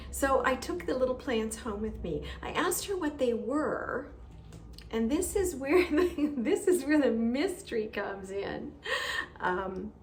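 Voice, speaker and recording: Lady gardener rambling on a walk, roomy echo, faint hiss behind. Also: on the high side. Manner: chatty and warm storyteller, many fillers. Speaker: gardening vlogger. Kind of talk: casual chat. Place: outdoors walking with a stroller.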